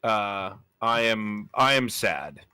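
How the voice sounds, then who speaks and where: A man's voice: fairly low pitch, lively intonation, takes it slowly, pushed and bright, clear, resonant tone, no room sound. A man co-hosting a gaming stream, chatting casually and often restarting his sentences. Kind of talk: casual chat while playing.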